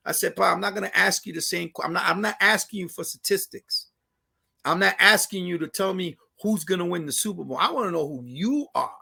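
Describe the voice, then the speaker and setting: A Puerto Rican man from New York with a New York Puerto Rican accent, a comedian telling stories in a casual interview, animated and profane, dropping Spanish phrases and acting out the people he quotes. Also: sits high, a little fast, creaky, slightly rough. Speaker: comedian and radio host, guest.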